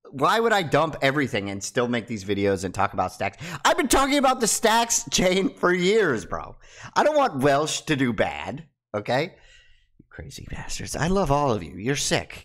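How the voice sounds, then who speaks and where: A young man talking casually to camera as a crypto YouTuber, teasing his viewers and dropping from loud bursts to hushed asides. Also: mid-range voice.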